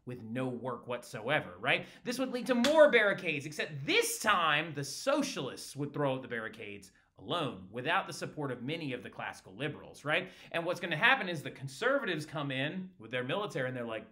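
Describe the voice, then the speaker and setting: Lively, bright-voiced man teaching history. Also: mid-range voice, a little fast, few pauses. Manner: casual, chatty, tags lines with "right?"; slips into brief voiced quotes of historical groups. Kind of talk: flipped-classroom history lecture.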